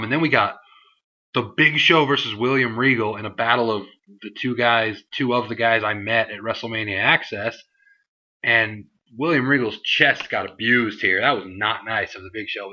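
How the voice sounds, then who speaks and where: A man's voice: fairly low pitch, sharp tone, dull audio. A young man reviewing a wrestling show in a casual vlog, rambling with many fillers and mocking put-on voices for the people he quotes.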